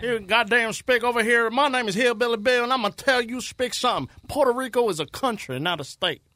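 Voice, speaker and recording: A man's voice: very high-pitched, fairly quick, pushed and bright, no room sound, pitched above the performer's own voice. A man voicing a bigoted southern hillbilly in a comedic radio bit, brash and rambling. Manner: brash, rambling, mock-aggressive.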